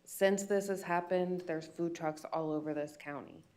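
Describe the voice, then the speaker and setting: A woman's voice: on the low side, fairly even intonation, moderate pace, a little mellow. A woman with an American accent, a business owner making an upset, emotional public comment at a county meeting. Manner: upset, pleading, retells phone calls.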